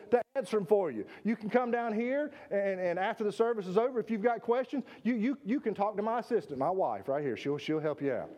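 A man's voice: sits high, a little mellow. A man preaching a sermon to his congregation in a church sanctuary, emphatic, often repeating words and asking questions of his listeners. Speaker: pastor.

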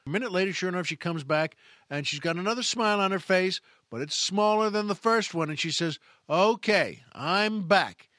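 A man with a slightly higher voice hosts a comedy podcast. He delivers a folksy monologue, repeats phrases and draws them out. The sound is dry and close. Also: sharp tone, no room sound. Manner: folksy, repetitive, drawn-out. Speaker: podcast host and stand-up comic.

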